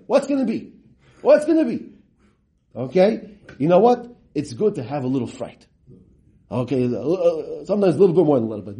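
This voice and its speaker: A man teaching a Talmud lesson, reading the Aramaic and translating it line by line, asking rhetorical questions and swinging his pitch for drama. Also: warm tone.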